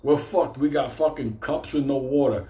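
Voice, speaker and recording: A man's voice: medium pitch, moderate pace. A Puerto Rican man telling a comic story in casual talk, swearing constantly and laughing as he goes. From Puerto Rico. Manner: profane, animated, laughing through his story. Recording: roomy echo.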